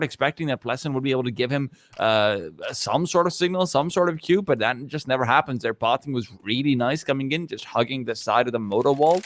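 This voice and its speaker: A man's voice: mid-range voice, a little fast, hardly any pauses. A man casting a live esports match as play-by-play commentator, joking with his partner and rising sharply on big plays. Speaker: esports caster.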